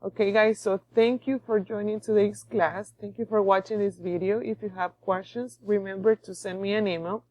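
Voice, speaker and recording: A woman's voice: mid-range voice, steady tone, darkish tone, no echo. A woman teaching a beginner English lesson, patient and repetitive, often checking in with her students. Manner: slow, patient, repeats and checks understanding.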